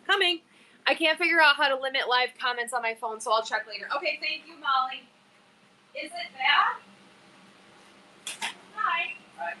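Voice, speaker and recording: Bright chatty woman livestream host. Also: high voice, animated, slight background noise. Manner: chatty, reads viewer bios aloud, quick asides. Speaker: live-stream seller host. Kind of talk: casual livestream chat.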